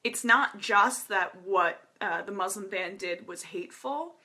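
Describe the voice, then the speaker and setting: A woman's voice: medium pitch, a little slow, sharp tone. A young woman hosting a casual political live stream, talking earnestly and emotionally with many fillers and nervous laughs. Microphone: webcam or phone.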